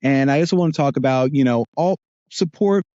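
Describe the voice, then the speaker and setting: A man with a New Jersey accent, a voice actor chatting casually as a podcast guest, animated and rambling with restarts. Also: mid-range voice, fairly quick, no room sound, muffled recording.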